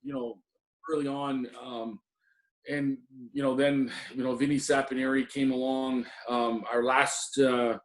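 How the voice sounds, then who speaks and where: A man's voice: mid-range voice, level tone, unhurried. A middle-aged man, a former assistant hockey coach, reminiscing in an interview with many ums and restarts. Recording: roomy echo.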